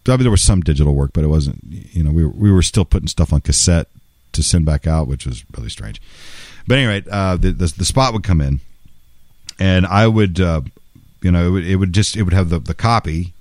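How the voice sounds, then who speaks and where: A man's voice: deep voice, lively intonation, a little fast, a little mellow, dry recording, studio quality. A male voice-over artist telling a casual story in a wry, conversational way, with some salty language.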